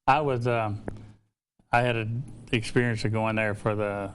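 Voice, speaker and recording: A man's voice: lowish voice, steady tone, moderate pace, slight background noise. An older man from Alabama with a Southern accent, hosting a casual interview chat and telling stories in a rambling, hesitant way. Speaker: host.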